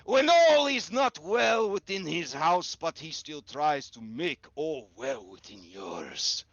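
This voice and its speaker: A man voicing a grief-maddened, cruel male baron who rants at his subjects in booming, theatrical speeches. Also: big pitch swings, slow, no room sound, full character voice. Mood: wrathful. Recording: dull lo-fi audio.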